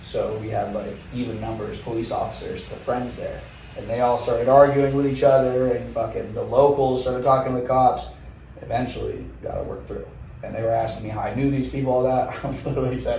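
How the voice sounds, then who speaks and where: A man telling a wild story in casual talk, animated and swearing, laughing often. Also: mid-range voice, a little fast, vocal fry, heavy reverb, far from the mic, a little hiss or hum, poor audio. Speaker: guest motorcycle rider.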